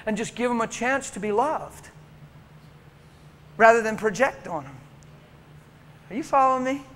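Male preacher, high-pitched, passionate storyteller, hushed to loud, echoing church hall. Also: expressive, normal speed. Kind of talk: sermon.

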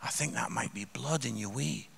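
A calm, sensible wife gives quiet, matter-of-fact advice, as a Scottish man puts her on in his own gravelly voice. Her tone is soft and low-key within a live comic story. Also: normal speed.

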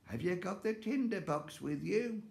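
A man voicing a secretive, snappish old witch in a high, piercing voice for a read-aloud fairy tale. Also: animated, normal speed, vocal fry, a little mellow. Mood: asking. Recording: echoey room, voice off-mic.

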